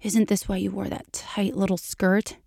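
A woman voicing a smug, domineering grown man, speaking low, slow and quietly with a mocking edge. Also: little pitch movement, vocal fry, no room sound, studio quality. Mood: wry.

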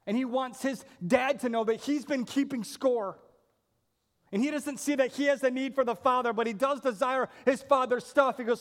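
Brief: male pastor, high voice, earnest emphatic sermon, rhetorical questions, long hall reverb. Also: moderate pace.

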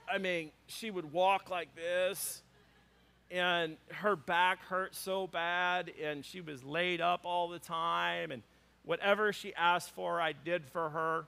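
A man preaching to a church congregation, with a high voice and a bright, forceful edge. He moves between teaching and animated, funny storytelling. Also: slow, gravelly, clear, resonant tone. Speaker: pastor. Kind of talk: sermon.

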